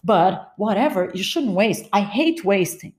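A woman's voice: mid-range voice, lively intonation, unhurried, natural voice. A woman voicing her irritable ex-boyfriend, a grown man who scolds, curses and lectures her over small things. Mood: lecturing. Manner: scolding, cursing, exasperated. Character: irritable stingy boyfriend, man, adult, quick to rage.

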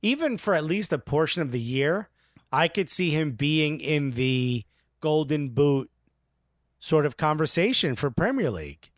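A man's voice: a little high, lively intonation, measured pace, dry recording, clean studio sound. A man co-hosting a casual sports talk stream, bantering and joking. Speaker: podcast co-host. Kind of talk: casual chat.

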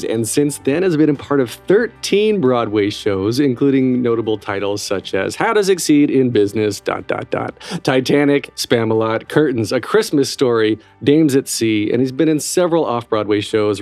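A man hosting a theater podcast, chatty and upbeat with quick asides, recorded on a studio mic. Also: medium pitch, expressive, darkish tone, soft background music. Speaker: podcast host. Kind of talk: conversational podcast interview.

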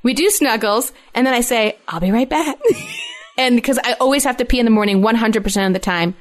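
A woman in her thirties co-hosts a casual podcast chat, her voice sitting a little high. She tells stories in a loose, rambling way and laughs often as she goes. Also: brisk. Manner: chatty, laughs often while telling stories. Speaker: podcast co-host.

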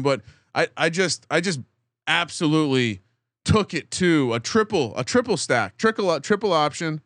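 A man co-hosting a podcast, chatting casually and excitedly, stumbling over his words and swearing freely. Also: a little high, normal speed, no room sound, studio quality. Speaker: podcast co-host. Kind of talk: casual fantasy draft banter.

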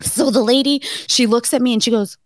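A woman with a somewhat high voice tells lively stories on a podcast, swearing freely and laughing often. The sound is dry and close, with no room echo. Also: a little fast. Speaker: podcast co-host. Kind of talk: casual chat.

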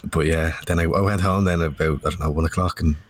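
A man's voice: extremely low pitch, fairly even intonation, fast. A tired man co-hosting a casual podcast, talking bluntly and swearing a lot. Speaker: podcast co-host.

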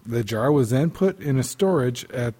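A man's voice: medium pitch, expressive, dark tone. A man co-hosting a casual podcast, reading odd news stories aloud with stumbles and restarts. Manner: halting, many restarts, laughs at stories. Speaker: podcast co-host.

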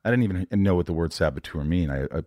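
A man in his forties hosting a podcast in casual chat, animated and rambling, talking about being amped up. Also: low-pitched, quick pace, no echo, studio quality. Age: 40s. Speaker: podcast host.

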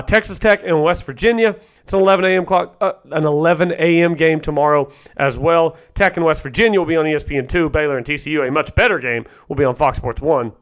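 A man hosting a solo sports podcast, rattling off confident game picks and predictions. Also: fairly high pitch. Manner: confident, rapid-fire predictions.

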